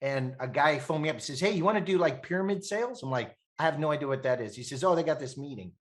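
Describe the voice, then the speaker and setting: A man in his fifties from Canada, a podcast guest telling animated stories, laughing often and acting out the voices of people he quotes. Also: on the high side, fast. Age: 50s. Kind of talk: animated storytelling.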